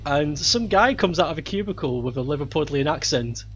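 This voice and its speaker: A man's voice: fairly high pitch, lively intonation, a little fast, fairly bright tone, husky, highs cut off. A man giving loose, profane live commentary while playing a video game, often laughing and talking back to the game. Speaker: game streamer.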